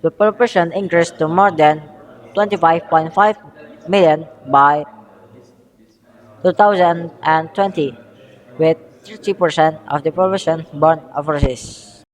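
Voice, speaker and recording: Halting young Indonesian-accented man, slow. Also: a little high, big-room sound, low-quality recording. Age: young adult. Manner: halting, self-correcting, reads haltingly from notes. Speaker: student presenter. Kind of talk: school history presentation.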